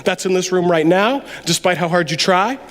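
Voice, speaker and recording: A man preaching a sermon in a church, talking to the congregation in an animated, conversational way that drops suddenly to quiet asides. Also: high-pitched, normal speed. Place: church sanctuary. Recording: long reverb of a large hall.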